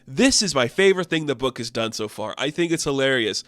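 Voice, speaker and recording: A man's voice: mid-range voice, expressive, brisk, a bit bright, no echo. A man casually reviewing a comic book in a rambling, offhand way, full of fillers.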